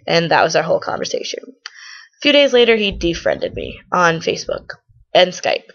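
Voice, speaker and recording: Teen girl, gossipy rambling vlog, gravelly voice, muffled lo-fi audio. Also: on the low side, sing-song, moderate pace. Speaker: vlogger. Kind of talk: casual storytelling to camera.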